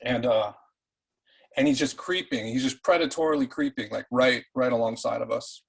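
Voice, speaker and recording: Brief: husky-voiced man, loose profane storyteller on a call, mid-pitched, keeps restarting. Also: normal speed, low-quality recording. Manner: profane, animated, restarts often. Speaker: participant. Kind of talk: casual spoken storytelling.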